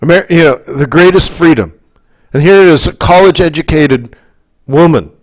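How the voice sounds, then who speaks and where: A man from Canada with a voice on the high side, speaking at normal speed, coaches forex traders in live market commentary. Along the way he rambles through asides, checks in with the audience, and becomes worked up and emphatic.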